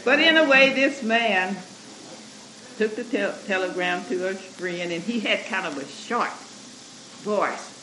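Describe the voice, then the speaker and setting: A man preaches a sermon in a high voice that swings widely in pitch. He takes his time, laughing and drawing the congregation in. The recording is roomy and noisy, as in a church hall. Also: lively intonation, a little slow. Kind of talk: sermon with scripture readings. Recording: echoey church room recording with noise.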